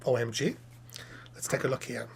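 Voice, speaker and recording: A man voicing a chatty, self-satisfied male puppet professor who hosts a live stream, reading chat questions aloud and rambling through them with deadpan jokes. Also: medium pitch, moderate pace, vocal fry, slightly rough, pitched below the performer's own voice.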